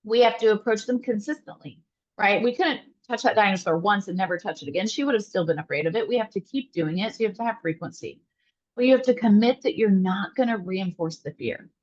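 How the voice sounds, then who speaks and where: A woman therapist explains her approach in an animated, storytelling way, often speaking straight to her listeners. Her voice sits at a medium pitch. The recording sounds slightly dull and lo-fi. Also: brisk. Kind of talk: interview answer, storytelling.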